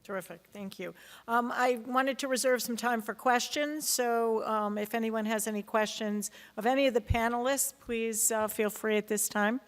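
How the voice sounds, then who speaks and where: Woman moderator, fairly high voice, brisk and polite, echoey hall. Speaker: panel moderator. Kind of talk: moderating a panel. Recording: far from mic in a reverberant hall.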